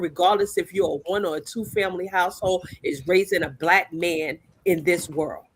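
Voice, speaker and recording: A woman's voice: lowish voice, moderate pace, hardly any pauses. Woman, sixties, blunt, passionate, podcast guest. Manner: blunt, passionate, talks straight to the host. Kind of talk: casual podcast discussion.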